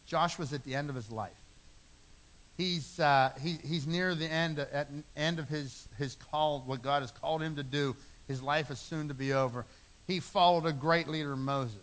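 A man's voice: a little high, moderate pace, a bit bright. A middle-aged man preaching a sermon, earnest, repeating phrases for emphasis. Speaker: pastor.

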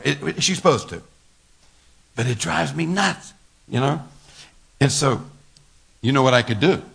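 Gravelly older man preaching folksy sermon. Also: fairly low pitch, fairly bright tone. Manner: folksy storytelling with laughter and repetitions. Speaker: pastor.

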